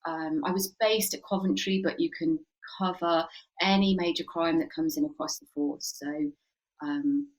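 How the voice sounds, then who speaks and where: Animated woman telling stories in an interview. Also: medium pitch, poor audio. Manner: animated storyteller with frequent ums, often laughing. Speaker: psychotherapist and former police officer. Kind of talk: conversational podcast interview.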